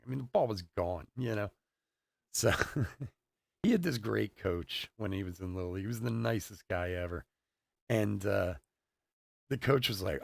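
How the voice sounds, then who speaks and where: A middle-aged man with a mid-range, vocal-fry voice hosts a live card break, chatting casually, telling stories, and laughing often. It's casual live-stream talk captured on a desk mic in a stream setup, with no echo.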